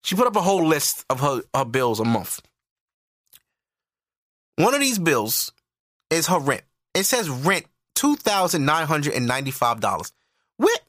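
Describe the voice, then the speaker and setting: A man hosting a podcast alone, ranting loudly and profanely in disbelief. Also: a little high, big pitch swings, unhurried, long pauses, no echo, clean studio sound. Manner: loud, profane, incredulous ranting. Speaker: podcast host. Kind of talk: ranting solo podcast commentary.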